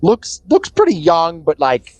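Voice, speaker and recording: Halting game master with a lively voice. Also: mid-range voice, dry recording, low-quality recording. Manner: hesitant, many fillers and restarts. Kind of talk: narrating a tabletop game.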